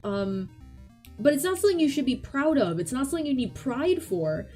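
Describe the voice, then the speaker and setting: A woman co-hosting a VTuber chat stream speaks in a high, darkish voice, very animated and a little fast. She talks casually and bluntly, swearing and rambling with restarts, while faint music plays in the background.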